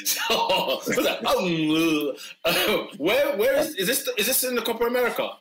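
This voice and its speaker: A man's voice: high voice, expressive, normal speed, fairly bright tone. A man hosting a casual football chat, slangy and laughing often. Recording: roomy echo.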